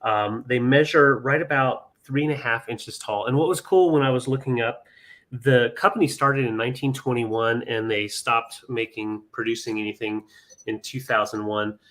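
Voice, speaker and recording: A man's voice: medium pitch, moderate pace, fairly bright tone. A man hosting a live vintage sale stream, chatting casually with many ums and counting down bids.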